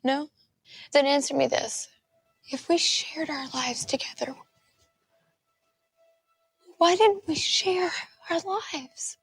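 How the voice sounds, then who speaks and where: An actress playing a hurt young woman who confronts her boyfriend with slow, pointed accusations in a film scene. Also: high-pitched, creaky, no room sound, heavily acted. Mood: hurt, accusing. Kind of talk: film dialogue. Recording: film audio with faint music.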